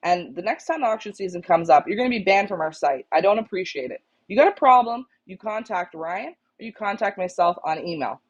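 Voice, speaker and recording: A woman co-hosts a casual stream for club members, blunt and exasperated, hammering her points home by repeating them. Her voice comes through a little husky and the sound is dull and lo-fi. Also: medium pitch, animated, a little fast, few pauses. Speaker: co-host of a pigeon auction club show.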